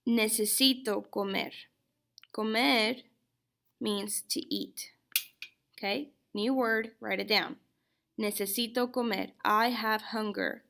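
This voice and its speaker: Slow, patient woman teacher with gravelly tone. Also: mid-range voice, fairly even intonation, fairly bright tone, a little hiss or hum. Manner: slow and patient, checks in with "okay?". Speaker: Spanish teacher. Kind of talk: recorded classroom lecture.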